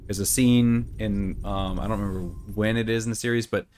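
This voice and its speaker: Speaking a little fast in a lowish, slightly mellow voice with fairly even intonation, a middle-aged gaming host chats casually as he plays. He rambles through stories and does quoted voices, with a little hiss or hum in the background.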